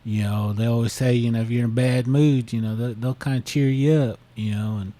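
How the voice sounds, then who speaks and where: A man's voice: medium pitch, fairly even intonation, warm tone. A man co-hosting a podcast, telling a story casually and leaning on "you know". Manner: slow, repeats "you know" often. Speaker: podcast co-host.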